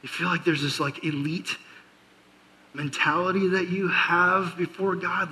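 A man's voice: high voice, level tone, measured pace, sharp tone, rough recording. A man preaching a casual youth sermon, chatty and storytelling, full of fillers and joking asides. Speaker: youth pastor.

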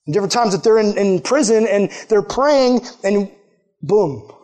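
High, lively preaching man. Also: normal speed. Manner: lively, acts out quotes in put-on voices. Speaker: pastor. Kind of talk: casual sermon storytelling.

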